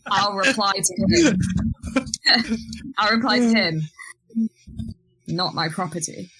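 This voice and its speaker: Anxious, lively woman player. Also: medium pitch, takes it slowly, slight background noise, rough recording. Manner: anxious, laughing, swears. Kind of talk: casual live game banter.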